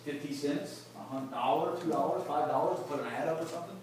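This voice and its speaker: A man's voice: fairly high pitch, fast. A man in sales leadership giving a casual, joking motivational talk to a live audience at a company event. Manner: chatty, joking, quizzes the crowd. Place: large echoey event room with an audience. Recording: echoey room, far mic, background noise.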